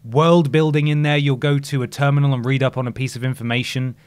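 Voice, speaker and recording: A man's voice: medium pitch, fairly even intonation, fast talker, clear, resonant tone. A man co-hosting a gaming podcast in casual chat, talking enthusiastically and rambling a little. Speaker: podcast co-host.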